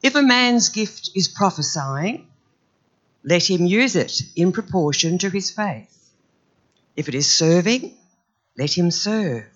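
A man reads scripture aloud with a slightly croaky voice, pitched high and paced slowly. His delivery is measured and earnest, in the manner of a church Bible reading. The recording sounds a little dull and lo-fi. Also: animated, fairly bright tone. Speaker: scripture reader.

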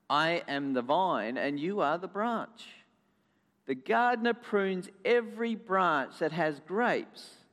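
A man voicing a calm, wise old male grapevine who talks in a gentle, reassuring way. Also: fairly high pitch. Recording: echoey hall.

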